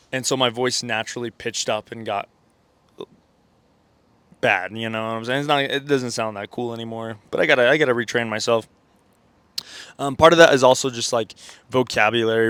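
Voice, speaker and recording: A man's voice: medium pitch, fairly bright tone, clear, resonant tone, no room sound. A man with stuffy sinuses giving a casual motivational vlog monologue, rambling with lots of fillers and self-corrections and checking in with "okay?" and "right?". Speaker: self-improvement content creator.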